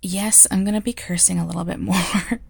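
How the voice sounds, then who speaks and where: A woman's voice: on the low side, fairly even intonation, normal speed, vocal fry, a little mellow, slightly rough, no echo. A woman voicing a frank, playful female teacher in an audio role-play, teasing and laughing often.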